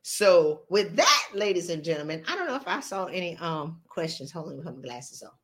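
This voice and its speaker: A woman hosting a podcast, giving a motivational talk in an animated, playful, colloquial way. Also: fairly low pitch, brisk. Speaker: podcast host.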